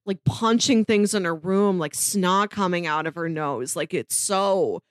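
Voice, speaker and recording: A woman's voice: fairly low pitch, a little slow, dry recording, clean studio sound. A woman co-hosting a podcast in casual chat, full of "like" fillers and laughing mid-sentence. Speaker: podcast co-host.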